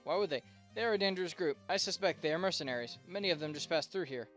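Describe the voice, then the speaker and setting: A man's voice: on the high side, expressive, fast talker, a bit bright, faint music behind. A man voicing a humble, polite female trader in a video game, speaking in stiff, formal phrases with a vague foreign lilt. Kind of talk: reading game dialogue aloud.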